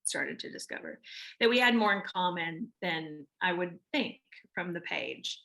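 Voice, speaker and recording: A woman's voice: lowish voice, a little slow, sharp tone. A woman with a Southern American accent, an actress answering interview questions in a chatty way with many restarts and fillers. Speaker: actress guest.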